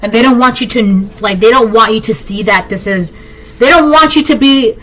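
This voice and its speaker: A woman's voice: a little high, normal speed, fairly bright tone, rough recording. A woman giving a collective tarot reading, blunt and emphatic, repeating herself and talking straight to the viewer. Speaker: tarot reader.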